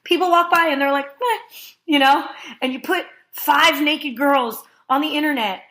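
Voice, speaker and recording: A woman in her thirties, a podcast guest, telling a long casual story in an animated way, laughing often and filling her talk with "like.". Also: sits high, normal speed. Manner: animated, laughing, heavy use of "like".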